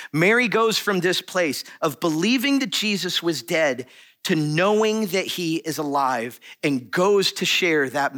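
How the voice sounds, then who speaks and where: Lively, bright-voiced male pastor preaching. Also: fairly high pitch. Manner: animated, conversational preaching with asides and laughs. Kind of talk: sermon.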